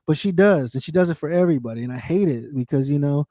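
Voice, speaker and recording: Male livestreamer, candid and profane, repeats himself; slightly high, mellow voice, dry close sound. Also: quick pace, no room sound. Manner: candid, swearing, repeats himself, talks to viewers by name. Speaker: livestream host. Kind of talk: casual emotional chat.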